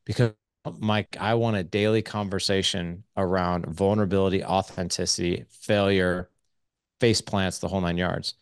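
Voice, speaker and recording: A man in his forties, a parenting coach, chats casually and energetically on a podcast, acting out snippets of dialogue and swearing lightly. His voice is low and moves at a normal speed, with a clean, echo-free, studio-quality sound.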